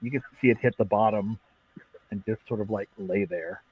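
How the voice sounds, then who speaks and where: A man's voice: lowish voice, normal speed, slightly rough. A man running a tabletop game as game master, narrating casually with lots of fillers. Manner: relaxed, with many fillers and laughs. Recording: dull dry lo-fi mic.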